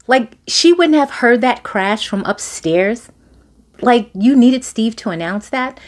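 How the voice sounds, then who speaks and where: A woman hosts a podcast from home and recaps an episode in a casual rant. She sounds sarcastic and incredulous, and her voice sits at a middling pitch. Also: darkish tone. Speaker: podcast host. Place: home near a train line.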